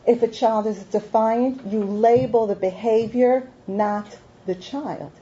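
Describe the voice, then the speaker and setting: Mellow woman giving an emphatic parenting talk. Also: a little high, fairly even intonation, slow. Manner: emphatic, repeats key points, poses rhetorical questions. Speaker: parenting speaker who gives IQ tests in schools. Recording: dull lo-fi recording with faint noise.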